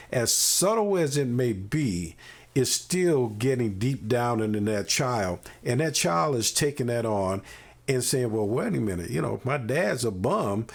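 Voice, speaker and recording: A man hosting a parenting podcast, talking earnestly and emphatically with folksy asides. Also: medium pitch. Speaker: podcast host. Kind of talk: conversational interview.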